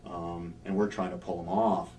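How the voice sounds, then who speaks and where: A man with a fairly low voice tells backstage stories in a dry, wry way, dipping into quick impressions of others. He sits a little off the microphone, and faint ambient hiss hangs under his words. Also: little pitch movement, warm tone, far from the mic, rough recording. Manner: wry anecdotal storyteller, acts out quotes. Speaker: interviewed former pro wrestler. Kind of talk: shoot interview storytelling.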